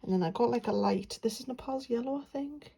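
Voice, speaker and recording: A young woman from England chats her way through her paint swatches, rambling and filling pauses as she goes. Her voice is mellow and a little husky. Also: on the high side, rough recording. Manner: chatty, rambling, many fillers. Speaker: art vlogger. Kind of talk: casual chat while swatching paints.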